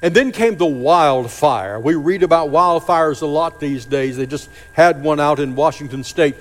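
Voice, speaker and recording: A man preaching a sermon, dramatic, slowing and dropping to a hush on key phrases. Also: fairly high pitch. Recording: long hall reverb.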